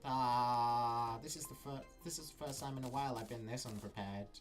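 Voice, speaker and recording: A man streaming live gameplay, talking himself through it in an excitable, nervous way. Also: medium pitch, moderate pace. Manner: excitable, nervous self-talk. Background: game music.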